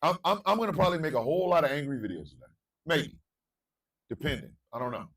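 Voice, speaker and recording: A male morning show host, delivering an impassioned monologue, repeating phrases and swinging from low murmurs to shouting. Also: very animated, fast, distant mic.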